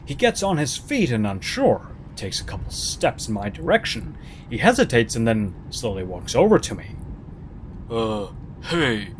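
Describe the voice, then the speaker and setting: A man's voice: mid-range voice, huge pitch swings, normal speed, slight background noise. A man reading a first-person horror story aloud, dramatic and sarcastic in his delivery. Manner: dramatic, sarcastic, swooping intonation.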